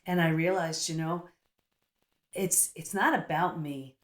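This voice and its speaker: A middle-aged woman speaks as an interview guest, earnest and full of stories and quick asides. Her voice sits a little low. The room around her rings with a roomy echo. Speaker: guest psychologist. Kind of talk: casual interview talk.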